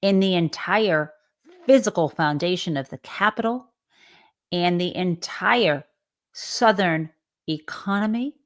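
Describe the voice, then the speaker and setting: A woman's voice: on the low side, slow. A woman hosting a live commentary show, talking with emphatic indignation and frequent fillers. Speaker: host.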